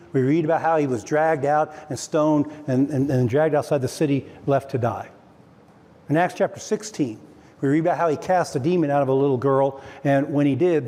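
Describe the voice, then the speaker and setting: Male pastor, mellow slightly high voice, casual sermon with restarts, long church reverb. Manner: conversational preaching with stammered restarts. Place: church sanctuary. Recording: long hall reverb, faint noise.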